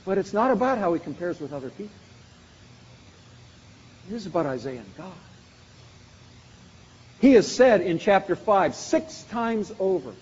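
With a fairly high yet warm voice, a man delivers a sermon, stacking repeated phrases to build emphasis in a forceful, repetitive cadence. A large hall's long reverb hangs behind the dull, muffled audio.

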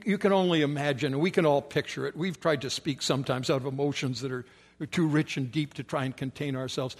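A man preaching a sermon with emphatic repetition, often dropping to soft, low tones.

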